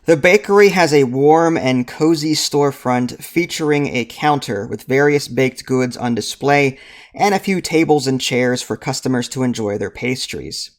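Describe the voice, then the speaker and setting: Man reading board game text, relaxed, dry asides, mid-pitched. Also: moderate pace. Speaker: game host reading to a partner.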